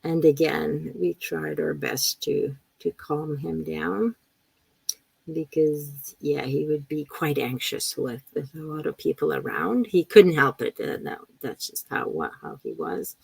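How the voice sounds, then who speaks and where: Slow, gravelly-voiced woman teaching a webinar. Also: sits low, no room sound, poor audio. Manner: relaxed, repeats words often, reads chat questions aloud. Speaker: ESL teacher trainer. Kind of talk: live webinar talk. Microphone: computer mic on a video call.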